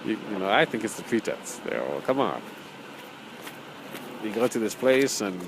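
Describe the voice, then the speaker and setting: A man's voice: on the low side, very animated, normal speed, noisy background. Chuckling man teaching a casual course. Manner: conversational, repeats phrases, chuckles often; reads from his own book in parts. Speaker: spiritual teacher. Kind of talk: informal spoken course lecture.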